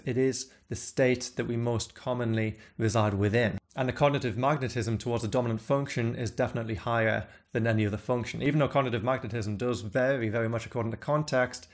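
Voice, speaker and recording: Male guest expert, formal, jargon-heavy explainer, mid-range voice. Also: mid-range voice. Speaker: guest theorist. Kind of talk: explanatory monologue.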